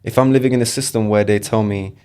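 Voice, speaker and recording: Low-voiced man firing rhetorical questions. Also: quick pace, clean tone. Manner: animated, fires off rhetorical questions. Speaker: podcast guest. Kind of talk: casual conversation.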